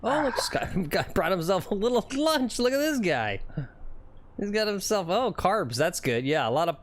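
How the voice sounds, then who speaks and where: Animated man reading livestream chat. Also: high-pitched, normal speed. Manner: animated, reads chat comments aloud, laughs often. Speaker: livestream host running the chat and camera. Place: outdoors on a golf course.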